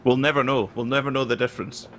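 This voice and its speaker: A man's voice: medium pitch, steady tone, fast, a bit bright, a little hiss or hum. A man co-commentating a live race stream, reading out donations with a jokey, playful manner.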